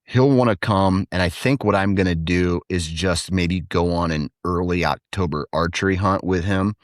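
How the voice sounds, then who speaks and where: Man, thirties, deep voice, dry sound, casual rambling, animated when quoting kids. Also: moderate pace, no room sound. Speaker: podcast guest, hunter and father. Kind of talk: casual storytelling chat.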